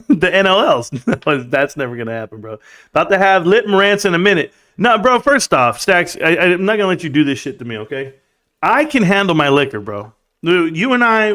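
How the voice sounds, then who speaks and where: A man's voice: high-pitched, animated, a little fast, a bit bright. A man hosting a casual livestream from a room at home, reading out chat in a laid-back, chummy way and laughing often.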